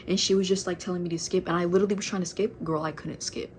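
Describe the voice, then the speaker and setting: A young woman tells a casual storytime, talking straight to her viewers in a chatty, rambling way. Her voice sits a little low. A faint hiss runs underneath. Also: steady tone, very fast, a little mellow. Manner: chatty, filler-heavy, addresses viewers as girl. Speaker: vlogger.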